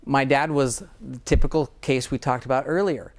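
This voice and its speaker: A middle-aged dentist from the United States talks in a casual interview, earnest and at times emotional about his work. His voice is medium-pitched, and he speaks at a moderate pace.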